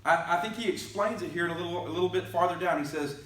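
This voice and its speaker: A man's voice: high-pitched, quick pace, hardly any pauses, fairly bright tone, roomy sound, recorded from a distance, low-quality recording. A male pastor giving a conversational sermon, reading scripture aloud and asking the congregation questions. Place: church sanctuary.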